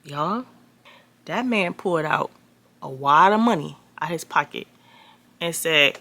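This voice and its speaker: A young woman telling a storytime to her viewers, animated and profane, acting out the people she quotes in a raised voice. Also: deep voice, measured pace, vocal fry, long pauses, no room sound. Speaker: storytime vlogger. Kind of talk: casual storytelling.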